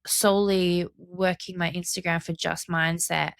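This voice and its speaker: A woman's voice: fairly low pitch, flat delivery, a little slow, vocal fry, no room sound, studio quality. A young adult woman hosting a solo podcast, talking earnestly and passionately, often checking in with "right?" and "okay?". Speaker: podcast host. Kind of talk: reflective solo podcast monologue.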